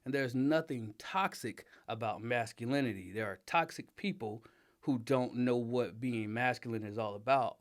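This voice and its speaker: A middle-aged man in a relaxed interview, speaking in an emphatic, animated way. His voice sits in an ordinary middle pitch, and he laughs easily and turns loud when riled up. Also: moderate pace. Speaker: interview guest, father and design director. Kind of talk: casual conversational interview.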